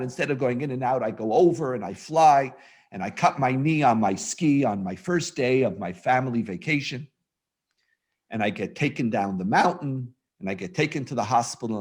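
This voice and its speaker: A man who is a rabbi, giving a humorous storytelling lecture over a video call in an animated, self-mocking way. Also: mid-range voice, breathy edge.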